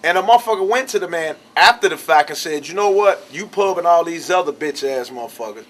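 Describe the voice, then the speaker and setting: A man's voice: a little high, expressive, quick pace, fairly bright tone. A man talking bluntly and heatedly, full of swearing, in a casual chat.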